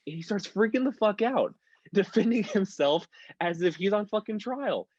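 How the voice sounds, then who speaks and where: A man's voice: high-pitched, animated, normal speed, a little mellow, dry recording, dull audio. A young American man telling stories on a podcast, rambling and swearing freely. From United States. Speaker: podcast guest. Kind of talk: casual podcast chat.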